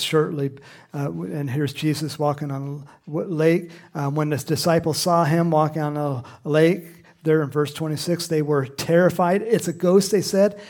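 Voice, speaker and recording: A man preaching a sermon in an animated, conversational way, with asides and laughs. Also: a little high.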